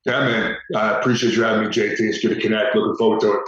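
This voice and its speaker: A man speaking as a podcast guest in a fairly low voice, plain and understated. He sits back from the mic in a very echoey room. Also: level tone, very fast, fairly bright tone, distant mic, muffled recording. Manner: matter-of-fact, understated. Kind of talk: interview storytelling.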